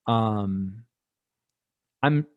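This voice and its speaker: A man, an executive pastor, talking as a podcast guest in a reflective, hesitant way with many pauses and restarts. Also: on the low side, no echo, phone-quality sound. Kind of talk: casual conversation.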